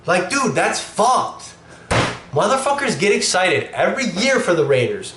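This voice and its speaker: A man's voice: fairly high pitch, moderate pace. Profane young man with a cough. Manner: profane, blunt and animated. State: sick with a cough. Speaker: show host. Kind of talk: casual sports opinion monologue. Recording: echoey room with faint noise.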